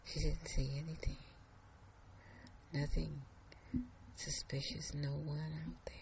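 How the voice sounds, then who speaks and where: A woman narrating a story in a hushed, suspenseful way. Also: deep voice, little pitch movement, slow pace, creaky, slight background noise.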